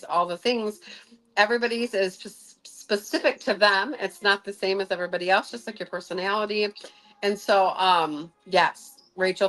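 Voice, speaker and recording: A woman's voice: mid-range voice, a bit bright, low-quality recording. A woman hosting a casual livestream as a sound healer. She talks in a chatty, rambling way with many filler sounds.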